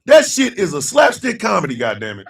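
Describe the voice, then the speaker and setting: A man chatting loosely with his livestream chat, telling a story loudly and profanely and often breaking into laughter. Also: high voice, huge pitch swings, fairly quick, creaky, distant mic, background noise.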